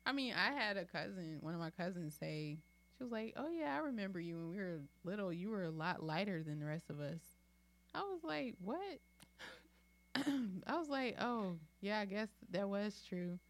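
A young woman chats casually on a podcast, her slightly low voice lifting as she tells family stories. She laughs often and leans into the funny parts. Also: a little fast. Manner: laughing, expressive, animated storyteller.

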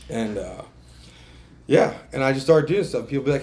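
A man's voice: medium pitch, fairly quick, darkish tone. A man telling his recovery story at a meeting, casual and profane, self-mocking, with lots of fillers and restarts. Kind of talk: candid spoken testimony.

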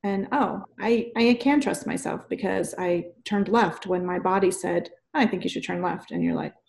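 A woman's voice: lowish voice, moderate pace, creaky, darkish tone, a little hiss or hum. A woman hosting a podcast in casual chat, enthusiastic and affirming, gushing over her guest. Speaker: podcast host.

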